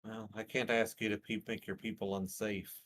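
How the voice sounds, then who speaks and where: A player in a tabletop game, talking earnestly in character and sometimes yelling high. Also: level tone, moderate pace. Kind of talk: casual tabletop play.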